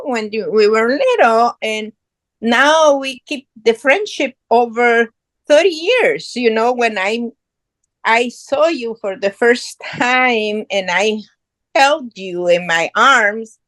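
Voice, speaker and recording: A woman's voice: on the high side, a bit bright, no echo. A middle-aged woman from Guatemala, a podcast guest telling her story in earnest, proud, English. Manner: earnest, proud, non-native English phrasing. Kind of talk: casual conversational storytelling.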